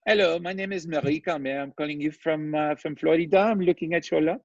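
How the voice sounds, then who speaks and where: A man's voice: on the high side, no room sound, pitched above the performer's own voice. A man putting on a sweet Haitian-accented woman. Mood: polite pleading. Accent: Haitian French, put on. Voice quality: soft, halting broken phrasing. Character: sweet-voiced Haitian woman caller, polite. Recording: dull lo-fi recording.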